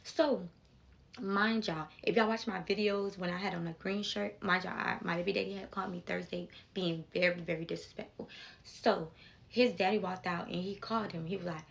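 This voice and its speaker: A woman's voice: on the low side, fairly even intonation, normal speed, gravelly. A young woman telling a personal story in a casual vlog, emphatic and talking straight to her viewers with repeated asides.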